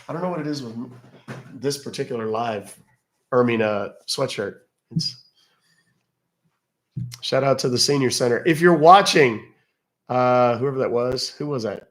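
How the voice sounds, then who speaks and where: Hosting a laid-back live stream, this Texan speaks in a mid-range voice with a fairly bright tone. His talk is loose, chatty, and jokey, and he reads comments from his chat out loud.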